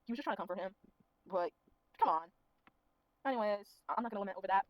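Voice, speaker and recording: A woman's voice: mid-range voice, very fast, dry recording, muffled recording. A woman recapping a movie in a casual, sassy, profane way, full of running commentary. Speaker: movie reviewer. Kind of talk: casual spoken film recap.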